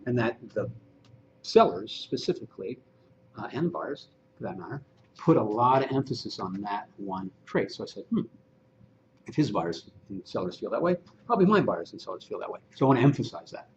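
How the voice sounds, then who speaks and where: A man presenting a training session in a casual, animated way, mid-pitched and lively. The recording is a little muffled, with faint room hiss behind him. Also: brisk, creaky. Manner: animated, conversational, acts out dialogue. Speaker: real estate agent and trainer.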